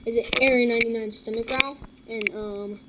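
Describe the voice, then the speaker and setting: A woman hosting a casual reaction video, mocking what she watches, repeating herself and filling pauses with lots of ums. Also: on the high side, steady tone. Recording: loud background noise.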